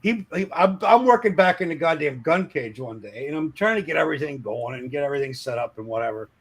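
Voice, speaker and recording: Profane animated storytelling man. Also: a little high, quick pace, breathy edge. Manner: animated, acts out shouting coworkers. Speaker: streamer telling a work story.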